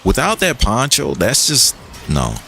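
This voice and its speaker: A man's voice: medium pitch, unhurried, vocal fry, noisy background. A young man chatting casually and joking with his chat while he plays a game on a stream. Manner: animated, joking, reads and answers chat. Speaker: gaming streamer.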